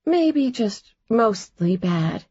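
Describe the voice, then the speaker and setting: A woman's voice: fairly high pitch, lively intonation, normal speed, a little mellow, slightly rough, no echo, lo-fi sound, voice pushed up. A woman reading the part of a witty, teasing young businesswoman in an audiobook. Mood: playful. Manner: playful, teasing.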